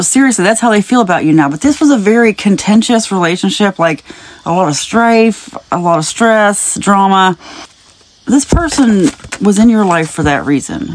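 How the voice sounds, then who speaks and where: A woman's voice: mid-range voice, animated, moderate pace. A woman with a mid-range voice talks straight to her viewer in a loose spiritual reading. She chats away and drifts into tangents, with small laughs tucked between her thoughts. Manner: chatty and rambling, with frequent light laughs; speaks directly to the viewer, wandering off into tangents. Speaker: spiritual message reader. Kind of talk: casual spiritual reading to camera.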